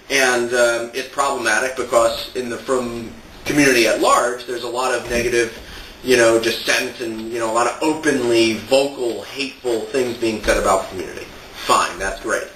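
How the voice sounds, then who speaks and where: A man's voice: medium pitch, fairly bright tone, echoey room, distant mic, slight background noise, rough recording. A man ranting sarcastically as a satire blogger, exasperated and laughing at his own points. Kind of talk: ranting monologue to camera.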